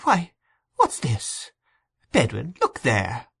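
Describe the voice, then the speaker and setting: A man voicing a brisk, warm-hearted old gentleman in a storybook reading, bluff and blustering. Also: mid-range voice, very animated, husky, full character voice. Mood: puzzled.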